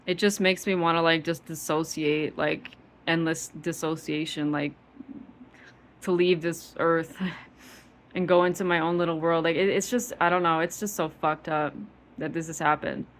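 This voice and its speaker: A woman's voice: sits low, fairly even intonation, moderate pace. A young woman vlogging an angry personal monologue, profane and heated, with lots of "like" fillers.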